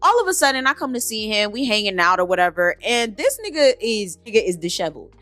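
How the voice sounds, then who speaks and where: A woman's voice: mid-range voice, very animated, fast talker, a bit bright, no room sound, faint music behind. A young woman vlogger telling a storytime, blunt and profane, acting out the people she quotes. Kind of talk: storytime vlog.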